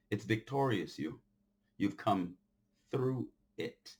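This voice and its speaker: A man giving an off-the-cuff, impassioned monologue to his followers. He talks in a preachy way, repeats phrases for emphasis, and swings between loud outbursts and quiet stretches. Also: medium pitch. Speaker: commentator addressing his followers.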